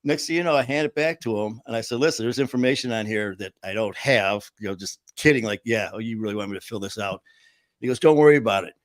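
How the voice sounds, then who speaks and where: Animated storytelling man, dry sound. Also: on the low side, quick pace, no room sound. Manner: animated storyteller, acts out quotes, frequent fillers and laughs. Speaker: show host. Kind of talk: casual storytelling chat.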